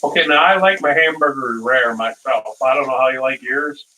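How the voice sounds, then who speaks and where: A man's voice: mid-range voice, moderate pace, pushed and bright. A man hosting a casual live cooking stream, rambling through stories and chuckling at his own dad jokes, from a distant mic.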